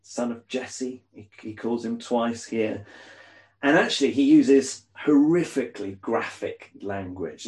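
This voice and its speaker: Male preacher, mid-pitched, chatty sermon delivery with rhetorical questions and asides. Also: a little mellow, reverberant.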